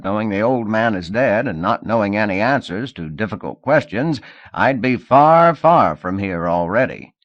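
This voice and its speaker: A man voicing a gruff, gossipy male police sergeant who speaks loudly and drags out his lines. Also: lowish voice, no room sound, dull audio, lightly acted. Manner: loud, folksy, drawn-out lines.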